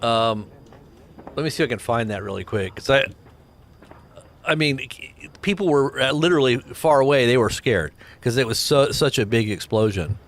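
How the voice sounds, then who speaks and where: A man's voice: mid-range voice, lively intonation, normal speed. A man hosting a casual livestream, rambling between scripture and videos and reading out viewer names with chuckles. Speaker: livestream host.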